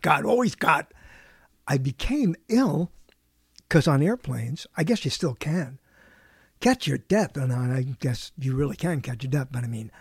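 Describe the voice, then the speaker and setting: A man's voice: medium pitch, vocal fry, husky, no echo. Older man, radio host, solo monologue, stuffy nose, self-correcting, laughing often, dry studio sound. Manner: chuckling often, self-correcting, wandering anecdote.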